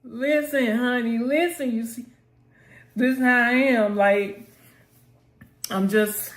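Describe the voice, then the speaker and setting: Slow, praying woman cheering on a trade. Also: fairly high pitch, fairly even intonation, reverberant. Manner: urges the chart on aloud, calling on the Lord. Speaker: trading channel host. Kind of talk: live trading commentary.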